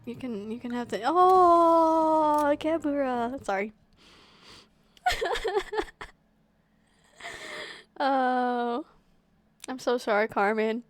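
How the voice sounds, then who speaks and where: A young woman streaming a game, chatting casually and rambling with lots of "like". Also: high-pitched. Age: young adult. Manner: rambling, fillers of "like". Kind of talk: casual gameplay chat.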